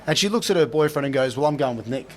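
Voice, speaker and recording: A man's voice: medium pitch, lively intonation, racing, a little hiss or hum. Blunt man telling a story. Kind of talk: casual chat.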